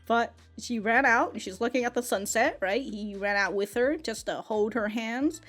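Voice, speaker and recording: This woman's anime reaction is excitable and laid-back, full of laughter, free swearing and constant use of "dude." She speaks at a normal speed in a slightly high voice, with soft music playing in the background.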